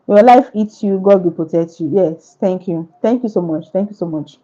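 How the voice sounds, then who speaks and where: A woman author fields questions at a book launch in an earnest, repetitive, sermon-like way. Her voice is dark and mellow, and the recording is dull and lo-fi. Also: mid-range voice, moderate pace. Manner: earnest, repetitive, preacher-like phrasing.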